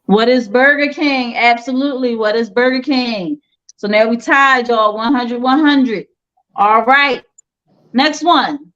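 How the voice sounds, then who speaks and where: A woman's voice: fairly high pitch, measured pace, fairly bright tone, dull audio. A woman hosting a casual online quiz show, playful and teasing with the players. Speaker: game show host.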